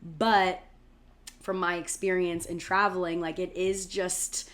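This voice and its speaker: Lowish-voiced American woman, lively storyteller. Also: slow pace. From United States. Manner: animated storytelling, many "like" fillers, swears casually. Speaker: podcast co-host. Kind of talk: casual chat.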